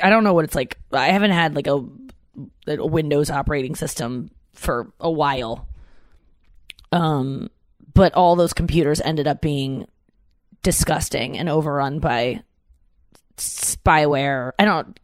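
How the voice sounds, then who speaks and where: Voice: mid-range voice, dry recording, clean studio sound. A vlogger in their thirties, chatting casually in a rambling, profane, self-interrupting way. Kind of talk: casual solo chat.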